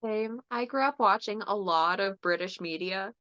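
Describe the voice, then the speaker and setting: A woman's voice: medium pitch, normal speed, bright, forceful tone, dry recording. A woman guest in a casual chat who tells jokes with frequent giggles and a crude, playful delivery over a dull, lo-fi recording. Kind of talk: casual joke-telling chat. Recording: dull lo-fi sound.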